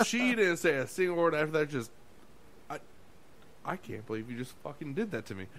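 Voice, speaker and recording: A man's voice: on the high side, expressive, brisk, a bit bright, slight background noise. Profane man telling a kitchen story. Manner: profane, laughing, acts out quotes. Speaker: podcast co-host. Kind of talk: casual storytelling chat.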